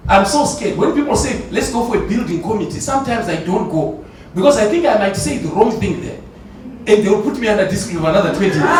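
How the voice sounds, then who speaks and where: Man from Zimbabwe, church elder, very high voice, testimony in a roomy hall. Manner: animated, laughing, repeats himself. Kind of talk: conference testimony. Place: large conference hall. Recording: echoey hall from far off, faint noise.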